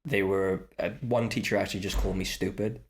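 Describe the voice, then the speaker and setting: Welsh man telling lively stories. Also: deep voice, a little fast. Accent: Swansea Welsh. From Wales. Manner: animated storyteller who acts out quoted voices. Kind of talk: casual podcast chat.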